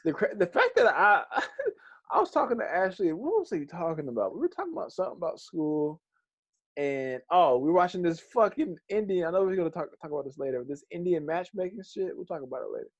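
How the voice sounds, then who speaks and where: A man's voice: high voice, sing-song, a little fast. A young man co-hosting a podcast, loose and profane, laughing as he tells stories and reads an ad. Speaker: podcast co-host. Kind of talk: casual chat, reading an ad. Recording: dull, dry podcast mic.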